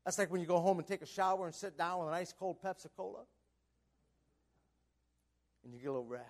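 Man, Baptist preacher, church sermon, very high voice, loud-to-hushed swings, questions the congregation. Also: fast talker, pauses often. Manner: swings between shouting and hushed low tones. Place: church sanctuary.

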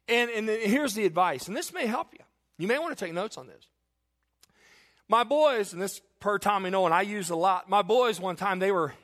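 A man's voice: high-pitched, fairly bright tone. A man preaching a sermon in a folksy, earnest way, repeating himself and telling family stories. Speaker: pastor.

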